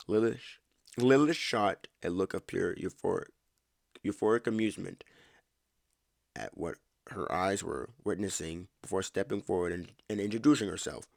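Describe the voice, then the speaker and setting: A man's voice: deep voice, moderate pace, gravelly, no echo, studio quality. A man reading a story aloud as a podcast host, often stumbling, rereading lines and breaking off to comment on the text.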